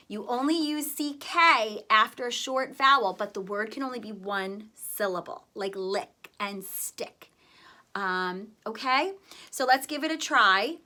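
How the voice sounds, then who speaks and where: A woman teaching first graders to spell, with a bright, clear voice pitched a little high. She speaks slowly and deliberately, sounding words out one syllable at a time. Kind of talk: recorded spelling lesson.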